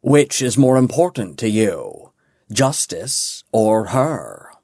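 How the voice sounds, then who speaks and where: A cruel dwarf villain from a fantasy audiobook, played by a male narrator. He speaks slowly and quietly, every word a cold threat. The recording is close and dry. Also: lowish voice, sing-song, vocal fry, breathy edge, dry recording, exaggerated voice. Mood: menacing. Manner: slow, quiet and menacing.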